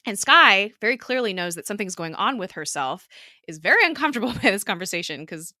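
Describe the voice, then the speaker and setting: A woman's voice: medium pitch, very animated, fast, pushed and bright, no room sound, clean studio sound. A young woman hosting a podcast, casually recapping a TV episode with lots of fillers and laughter. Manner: chatty, many fillers, frequent laughter. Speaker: podcast host.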